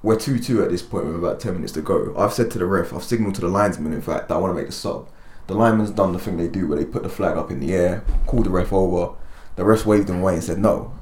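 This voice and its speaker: A man's voice: deep voice, fast talker, hardly any pauses, a little mellow. A man, a football coach, telling an exasperated story in a casual chat. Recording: echoey room with faint noise.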